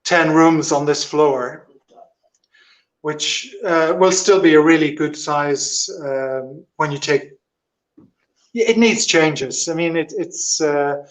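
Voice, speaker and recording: A man's voice: a little high, slow. A man on a video call giving a casual, hesitant tour of an old house he is standing in. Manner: relaxed, hesitant, with frequent ums. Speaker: guest on a live video link.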